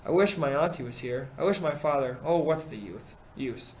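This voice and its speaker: A man voicing a gentle, quiet boy with a wistful manner while reading a novel aloud. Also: a little high, animated, normal speed, slight background noise, lightly acted, rough recording.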